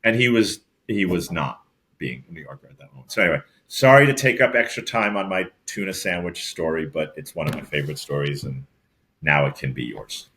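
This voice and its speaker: A middle-aged man with a New York accent, a podcast co-host rambling through animated stories in casual chat. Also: rumbling low, a little fast. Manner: rambling, animated storyteller with many restarts.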